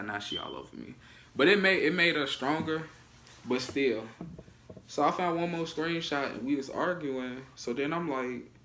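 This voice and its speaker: Young man with a bright, forceful voice. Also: medium pitch, slight background noise. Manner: loose, joking, cuts in. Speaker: vlogger, storytelling half of a couple. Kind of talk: casual storytime chat.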